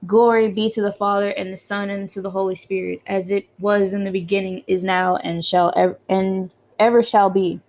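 A woman's voice: medium pitch, flat delivery, normal speed, few pauses, darkish tone, close to an everyday voice. A woman gives voice to a frail, blind old priest in a horror game. He preaches in a solemn tone and chants his prayers with fervour. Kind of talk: reading game dialogue aloud.

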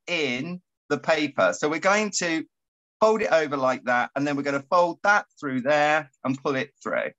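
A man guiding a paper craft tutorial, chatty and quick to laugh. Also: fairly high pitch, dull audio. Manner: animated, giggly and chatty. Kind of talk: casual craft tutorial chat.

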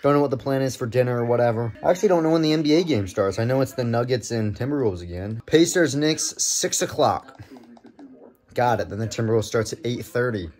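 A man vlogging from home, calling his baseball video game like a play-by-play announcer and getting excitable at the big moments. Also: mid-range voice, a little fast. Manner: excitable, shouts and laughs at big plays. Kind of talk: play-by-play style game commentary.

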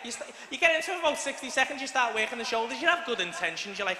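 A man's voice: very high voice, very animated, very fast, hardly any pauses. A man with a Liverpool accent performing crude, rowdy live stand-up comedy in a large arena. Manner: crude, rowdy, swearing storyteller. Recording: echoey arena with audience noise.

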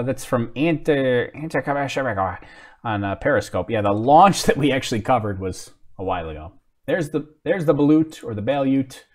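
A man hosting a live commentary stream, talking casually, thinking aloud and answering viewer comments with self-mocking apologies. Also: on the low side. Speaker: livestream host.

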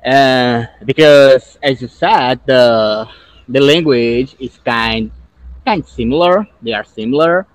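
A man whose first language is Portuguese talks slowly and with care during a casual English practice call. His voice sounds close and dry. He laughs often while he explains how words are pronounced. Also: mid-range voice, no echo. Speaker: English learner. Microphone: video call.

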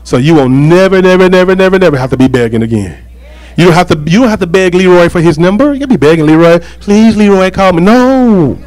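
A man preaching a sermon as pastor, animated and joking, with call-and-response asides to the congregation. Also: on the high side, fast talker, rough recording.

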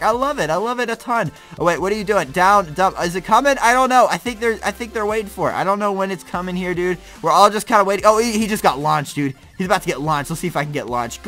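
A young man with a bright, high voice gives slangy, excitable let's-play commentary. He reacts loudly and laughs often, with faint game music underneath. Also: fast, hardly any pauses. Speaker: gaming YouTuber.

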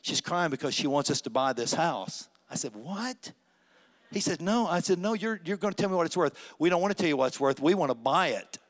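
An older man preaches from the pulpit, telling his story in a fairly high voice. He acts out each conversation and climbs to emphatic peaks. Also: lively intonation, fast talker, few pauses. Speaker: pastor. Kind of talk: sermon testimony. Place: church sanctuary.

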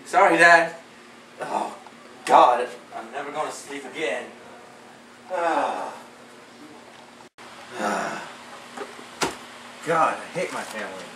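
A man's voice: mid-range voice, slow, pauses often, lightly acted. A young man acting in an amateur short film, playing a whiny young guy home alone who grumbles and talks to himself. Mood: grumbling. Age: young adult. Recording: noisy amateur home video.

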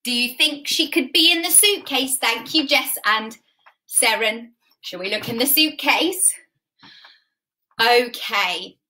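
A woman runs a live music and drama class for little children over a webcam. Her voice is high and bright, rising and falling a lot as she gasps and coaxes. She takes her time with each word. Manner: sing-song, exaggerated storytelling with gasps and coaxing questions. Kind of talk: live-streamed class for toddlers. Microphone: webcam or phone on a stand.

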